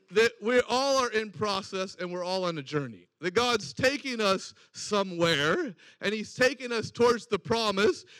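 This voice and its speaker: A man's voice: high voice, a bit bright, no echo. A man preaching a sermon, telling a personal story and acting out the voices in it. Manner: storytelling with acted-out quoted dialogue.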